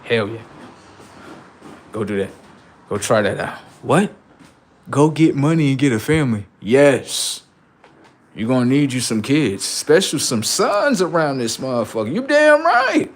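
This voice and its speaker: Young male streamer, casual slangy monologue, big loud spikes and low asides. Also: unhurried, long pauses. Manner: animated, swings from loud outbursts to quiet asides; slangy, addresses viewers directly. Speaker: livestream host.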